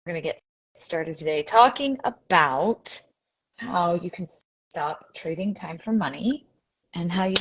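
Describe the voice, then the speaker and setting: A woman's voice: on the low side, measured pace, breathy edge. A young woman from Indiana hosting a casual live stream on a video call, bubbly and chatty, often laughing.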